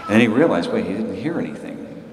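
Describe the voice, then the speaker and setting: A man preaching, telling a story in a relaxed way with some fillers. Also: on the low side, fast talker. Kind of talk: storytelling sermon. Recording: echoey hall with background noise.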